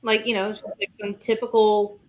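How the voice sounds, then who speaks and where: A woman's voice: medium pitch, flat delivery, fairly quick. Casual rambling woman, swearing. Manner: rambling, swears, acts out quotes with laughs. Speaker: webcomic co-creator streaming. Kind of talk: casual chat.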